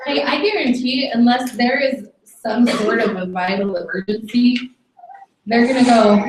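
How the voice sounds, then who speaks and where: A woman leads a training session for her sales team, firm and a little scolding as she keeps checking with the room. Her voice sits fairly high. It is picked up from a distance, with the echo of a roomy meeting hall. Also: a little slow, slight background noise. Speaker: sales team leader giving a training talk. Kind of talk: motivational training talk to a live room. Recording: echoey room, recorded from afar.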